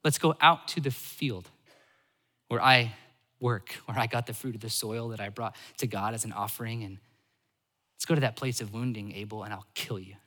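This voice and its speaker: A man voicing a bitter, brooding older brother who speaks in a low, menacing mutter. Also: normal speed, bright, forceful tone, long reverb tail.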